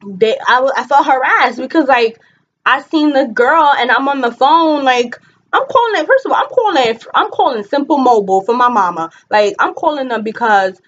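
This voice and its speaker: A young woman talking casually to the camera, telling a story in a lively way, full of fillers like "like" and "you know," and acting out what others said. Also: fairly high pitch, highs cut off. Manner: animated, frequent fillers, voices others in quotes. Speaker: vlogger.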